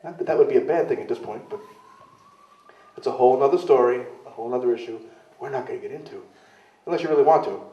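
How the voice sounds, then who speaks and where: A wrestler, a man with a mid-range voice, guests on a casual interview at a London club, telling rambling, self-mocking stories at a quick pace with long pauses. He often mimics other people's voices when quoting them. The recording sounds roomy, distant and dull.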